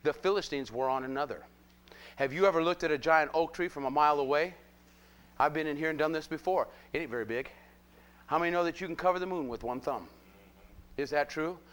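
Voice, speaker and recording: Male preacher, live sermon, animated, rhetorical questions to the crowd, somewhat high voice. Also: fast.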